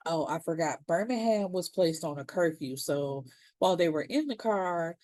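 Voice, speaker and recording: Chatty slangy woman with a low, mellow voice. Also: no echo. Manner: chatty and slangy, acts out characters' lines. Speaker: TV series reviewer. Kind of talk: casual episode recap.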